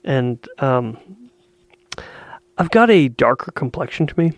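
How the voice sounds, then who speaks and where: A Canadian man with a gravelly, fry-edged voice swapping stories on a casual podcast call. He laughs often and acts out both sides of a conversation. The sound is dry and close, with no room around it. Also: medium pitch, very animated, measured pace, no echo. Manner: laughs often, tells stories with quoted back-and-forth. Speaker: podcast co-host. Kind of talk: casual chat. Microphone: video call.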